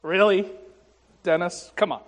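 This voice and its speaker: God, male, chiding and teasingly incredulous, as a preacher acts him out; slow, echoey sanctuary. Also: sits high, steady tone. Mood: exasperated.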